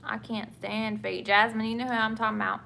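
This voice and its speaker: Speaking a little fast in a creaky, sharp voice on the high side, a young nurse and vlogger keeps her delivery flat as she does her makeup. She's from England, has a Southern US accent, and casually answers viewer questions about her nursing work with many fillers and restarts. A little hiss or hum can be heard.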